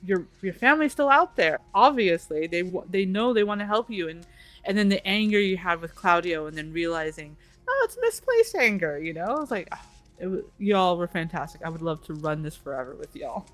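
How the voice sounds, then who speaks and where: A woman's voice: fairly low pitch, fairly quick, fairly bright tone, soft background music. Gushing game master, woman. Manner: gushing, full of fillers and restarts. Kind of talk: post-game wrap-up chat.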